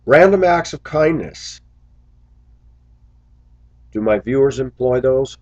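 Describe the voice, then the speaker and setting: A man's voice: mid-range voice, expressive, slow pace, a little mellow, no echo, highs cut off. A man who drives a school bus, talking earnestly to his viewers in a casual, reflective monologue full of little stories.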